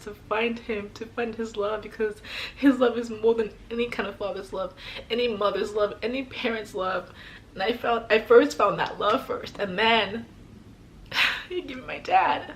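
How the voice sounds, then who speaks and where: A young woman vlogger telling a personal story in a heartfelt, emotional way, with many sighs and pauses. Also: on the high side, a little hiss or hum.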